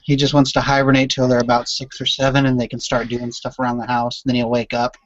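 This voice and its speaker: A man's voice: mid-range voice, monotone, fast. A man hosting a casual online chat, upbeat and joking with his guests. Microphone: video call. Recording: dull lo-fi call audio.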